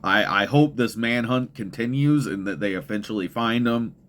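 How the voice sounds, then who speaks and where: Young guy ranting on his podcast, swears a lot, rambles and restarts, gets loud and fired up. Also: medium pitch, normal speed. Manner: profane, heated, rambling with restarts. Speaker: podcast host.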